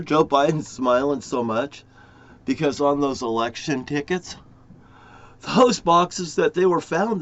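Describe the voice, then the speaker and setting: A man rambling profanely to camera in a conspiratorial monologue, jumping from topic to topic with sudden loud outbursts. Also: fairly high pitch, lo-fi sound. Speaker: vlogger.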